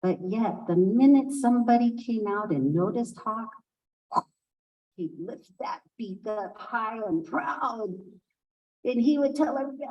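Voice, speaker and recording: A woman telling a traditional folk tale aloud at a conference, unhurried and expressive, with asides to listeners. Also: on the high side, far from the mic, muffled recording. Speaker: storyteller speaking at a conference. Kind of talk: oral storytelling of a folk tale.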